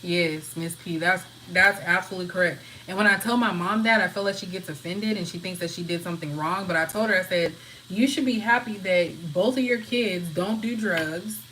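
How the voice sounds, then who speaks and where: A woman casually rambling from home to her live viewers, answering their comments in a relaxed, open way. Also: on the low side, moderate pace, slight background noise, poor audio. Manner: relaxed, talks freely, answers chat comments. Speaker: livestream host.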